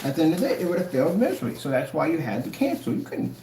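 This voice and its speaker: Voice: medium pitch, very animated, racing, mellow. A channel host in a casual rant to the camera, taunting and mocking. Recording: echoey room, faint noise.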